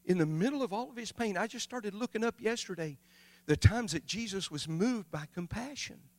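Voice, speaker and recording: Man, missionary preacher, high voice, loud-to-hushed delivery. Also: expressive, normal speed, in a large hall. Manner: preaching with big swings from shouting to hushed. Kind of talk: sermon.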